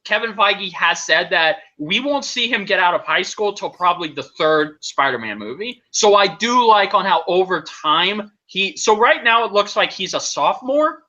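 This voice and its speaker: A man hosting a podcast in casual chat, excitable, laughing often and breaking off mid-sentence to restart. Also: sits high, normal speed, few pauses, lo-fi sound. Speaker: podcast host.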